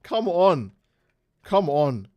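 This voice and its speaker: A man's voice: fairly high pitch, drawn-out words, no room sound, dull audio. A man streaming a game, ranting and swearing in casual commentary while answering chat. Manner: profane, ranting, animated.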